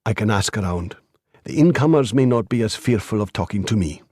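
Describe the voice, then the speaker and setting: A man narrating an audiobook voices an earnest, principled lawyer who speaks in a measured way. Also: lowish voice, lively intonation, darkish tone, husky, no room sound, studio quality.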